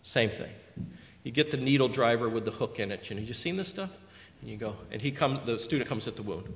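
Guy preaching a sermon, lively stories, loud then quiet asides, echoey church hall. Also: mid-range voice, fairly quick, vocal fry. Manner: animated storytelling, swinging from loud exhortation to quiet asides. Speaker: pastor. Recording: reverberant hall.

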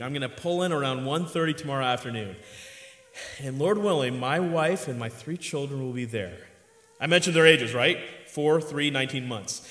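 A man in his thirties preaching a sermon, moving between hushed reflection and emphatic points, recorded in a large hall. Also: on the high side. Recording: echoey hall with long reverb.

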